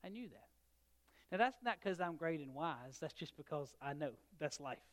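A middle-aged pastor, preaching in a somewhat high voice. He tells his story in a lively way, dropping to near a murmur and then rising loud again. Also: normal speed. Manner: storytelling, shifts between loud and soft. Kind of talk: sermon.

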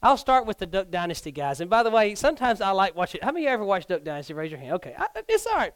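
A middle-aged man preaches a sermon as a youth pastor. His voice sits high, and he swings from hushed, nearly whispered lines to loud, near-shouted ones. The sound is dry and close, with no room echo. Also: sing-song, racing, smooth.

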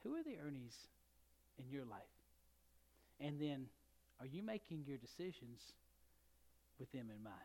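A middle-aged man preaching a sermon, telling a story and swinging between loud and soft. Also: medium pitch, big pitch swings, measured pace, long pauses. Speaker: pastor.

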